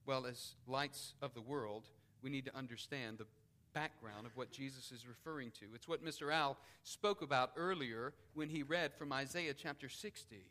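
A man's voice: mid-range voice, moderate pace, bright, forceful tone. A man preaching a sermon as pastor, building emphasis and repeating key phrases.

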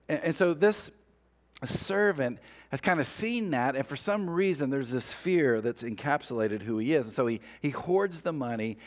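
A man preaching a sermon in a conversational way, acting out the lines of a parable as he retells it. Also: mid-range voice. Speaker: pastor.

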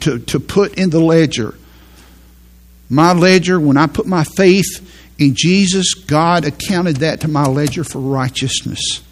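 A man preaching a sermon in an earnest way, slowing down to stress each verse of scripture. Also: a little high, slightly rough. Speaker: pastor.

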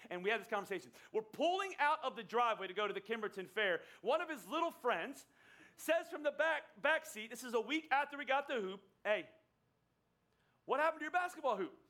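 Bright-voiced, high-pitched male pastor. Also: animated, a little fast. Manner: conversational storytelling, acts out quoted lines. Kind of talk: sermon with personal story.

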